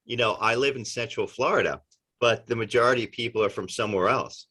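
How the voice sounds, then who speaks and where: A man with a New York and New Jersey accent, chatting as an interview guest and telling lively anecdotes. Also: medium pitch, quick pace, slightly rough. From Northeastern United States. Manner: animated storyteller, acts out dialogue. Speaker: actor guest. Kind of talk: casual interview chat.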